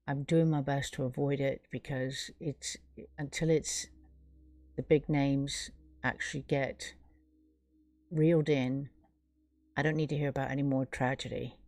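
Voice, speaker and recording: A woman's voice: a bass voice, steady tone, unhurried, pauses often, darkish tone, dry recording, soft background music. A middle-aged woman hosting a live stream, talking to her viewers in an earnest, rambling casual monologue.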